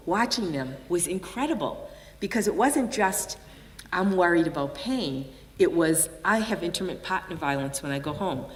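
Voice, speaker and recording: An older woman from the United States giving a conference keynote, telling stories and acting out the voices of the people in them. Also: low-pitched. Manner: animated storyteller acting out quoted voices. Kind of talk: storytelling keynote talk. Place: large conference hall. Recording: distant mic in a reverberant hall.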